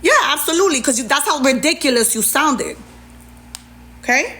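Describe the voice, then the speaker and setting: A woman livestreamer venting to her chat in a sassy, animated way. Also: sits high, normal speed. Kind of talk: venting on a live stream.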